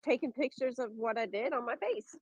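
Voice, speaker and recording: A woman's voice: on the high side, expressive, a little fast, a little mellow, husky, no room sound, rough recording. A woman guest in a casual beauty chat, talking freely about her own makeup habits. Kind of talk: casual chat on a live audio room.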